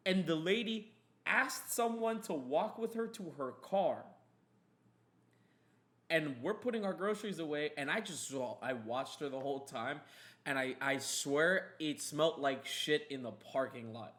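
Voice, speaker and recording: A man's voice: on the high side, lively intonation, unhurried, a bit bright. A young man hosting a podcast, telling a story in a heated, emphatic way and swearing often. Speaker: podcast host. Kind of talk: casual storytelling chat.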